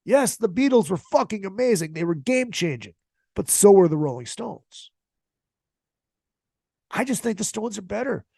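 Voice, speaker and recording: A man's voice: sits high, big pitch swings, moderate pace, vocal fry, pauses often, darkish tone, no room sound, clean studio sound. A man hosting a podcast, talking casually with heavy swearing and strong opinions. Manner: profane, opinionated, emphatic. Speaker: podcast host. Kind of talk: casual solo podcast rant.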